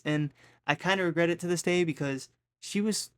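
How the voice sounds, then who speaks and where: A man's voice: fairly high pitch, brisk, smooth. A man casually telling a rambling personal story, often tagging his sentences with "right?". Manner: rambling, keeps asking "right?".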